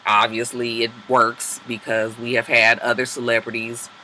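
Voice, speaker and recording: Black lady doing a messy reality show recap, cussing and sassy, real bright edgy voice. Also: a bass voice, normal speed, slight background noise, poor audio. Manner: profane, animated storytelling with sassy asides. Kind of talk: casual episode recap.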